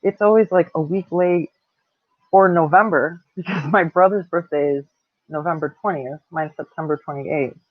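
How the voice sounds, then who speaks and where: A woman's voice: low-pitched, normal speed, no room sound. Woman, late 30s, candid profane storyteller; tinny, dry, lo-fi recording. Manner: blunt, heavy swearing, laughs between lines. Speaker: vlogger telling a personal story. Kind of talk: casual storytelling to camera. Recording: tinny dry phone-like sound.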